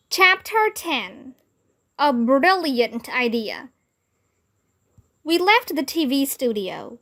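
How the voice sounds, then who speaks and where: Woman narrator, children's read-aloud, high and lively, unhurried. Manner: slow, expressive storytelling.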